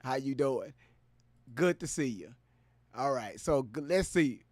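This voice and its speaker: A man hosting a casual live stream, loud and playful, hyping up his viewers and greeting them by name. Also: mid-range voice, expressive, unhurried, no echo.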